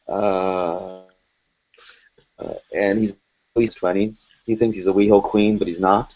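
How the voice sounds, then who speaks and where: A man's voice: sits low, unhurried. A man with a faint foreign accent, hard to place, chatting in an interview and telling stories animatedly. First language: French or Arabic. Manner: animated storyteller, laughs often. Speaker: voice actor guest. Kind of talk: casual interview chat. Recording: dull lo-fi podcast audio.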